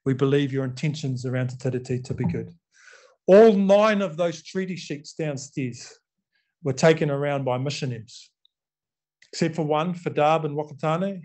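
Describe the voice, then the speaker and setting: Pitched fairly high and somewhat dark in tone, a middle-aged man with a New Zealand accent gives an audience a conversational, story-driven talk. He acts out quoted lines and uses many filler words.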